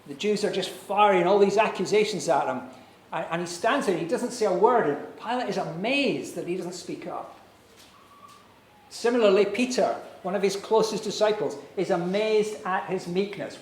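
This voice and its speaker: High-voiced man preaching in echoey church. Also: slight background noise. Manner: earnest, persuasive preaching with dramatic pauses. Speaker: pastor. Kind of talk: sermon. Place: church hall.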